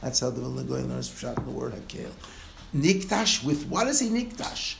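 Animated rabbi, gravelly and echoey. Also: male voice, medium pitch, moderate pace. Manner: animated, rising to exclamations and trailing into soft asides, laughing at times. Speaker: rabbi giving a Torah lecture. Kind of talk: Torah lecture. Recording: echoey room with faint noise.

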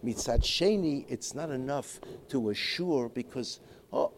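A man teaching a Torah class in a halting way, restarting his sentences often and mixing Hebrew and Yiddish terms into his English. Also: medium pitch, expressive, a little hiss or hum. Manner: halting, with many repeated restarts. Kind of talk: Torah lecture.

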